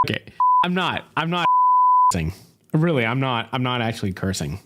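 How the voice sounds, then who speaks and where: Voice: mid-range voice, huge pitch swings, slow pace, pauses often, heavy background noise. A streamer chatting casually on a live stream, joking around and answering viewers' questions. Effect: voice changer at times.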